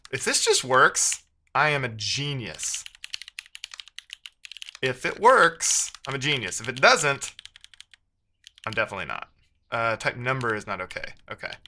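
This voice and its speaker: A man's voice: mid-range voice, pushed and bright, slight background noise. A man streaming live as a programmer, thinking aloud while he codes and chatting with viewers, muttering to himself with playful asides.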